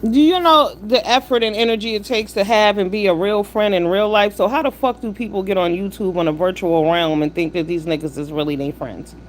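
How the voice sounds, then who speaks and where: A woman's voice: medium pitch, fairly quick, few pauses, a little hiss or hum. A woman hosts a live stream, blunt and profane, firing off rhetorical questions and lecturing her chat. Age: 50s. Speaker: livestream host. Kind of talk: live-stream commentary with chat shout-outs.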